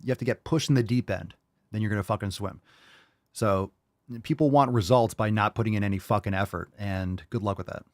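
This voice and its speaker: A man's voice: fairly low pitch, a little fast, no echo, studio quality. A man hosting a live podcast who rants bluntly and profanely and mocks his listeners' excuses in put-on voices. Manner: mocking impressions of listeners. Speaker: podcast host.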